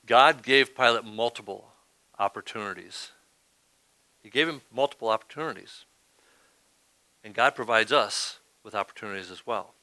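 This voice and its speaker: A man's voice: lowish voice, moderate pace, pauses often, sharp tone, no echo. A man preaching a sermon as pastor, talking in a conversational way and often asking "right?".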